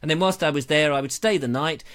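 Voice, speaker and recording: A middle-aged man from England chats casually as host of his live online show. His voice sits a little higher than most men's. He rambles, jokes and mocks himself as he reads the chat. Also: fast, a bit bright. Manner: rambling, jokey, self-mocking, slips into silly voices.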